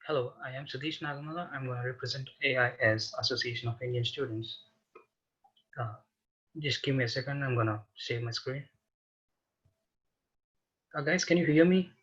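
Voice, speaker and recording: A man's voice: mid-range voice, moderate pace, pauses often, a bit bright, husky. A man representing a student association, presenting hesitantly on a video call with many fillers. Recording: muffled lo-fi call audio.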